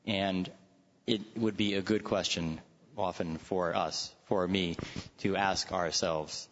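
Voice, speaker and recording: Low-voiced man in a reverberant hall. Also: measured pace. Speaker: Bible study speaker. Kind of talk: Bible study discussion. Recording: dull recording with long hall reverb.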